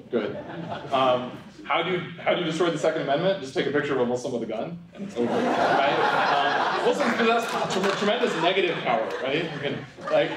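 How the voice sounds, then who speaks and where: A man's voice: on the high side, animated, a little fast, recorded from a distance, a crowd in the background. Wry young man lecturing in an echoey hall. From New York. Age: young adult. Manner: conversational, frequent "um" and "right?", wry asides. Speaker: public speaker. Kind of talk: lecture talk with humorous asides.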